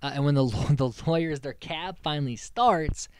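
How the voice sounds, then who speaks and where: With a fairly high, slightly mellow voice that's clear and resonant, a man talks at normal speed as he hosts a podcast. He recaps a reality show in loose, rambling storytelling full of swearing, and there's no echo.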